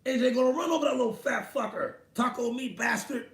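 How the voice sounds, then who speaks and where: Man putting on sneering fans, brash, high voice, roomy echo. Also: a little fast, fairly bright tone, far from the mic. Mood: jeering. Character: scornful British boxing fans, male, mocking. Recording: echoey room.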